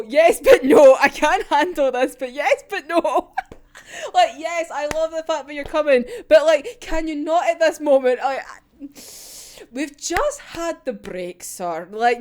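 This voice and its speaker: A woman reacting to a manga chapter in casual, animated chat, swearing freely and laughing often. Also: high voice.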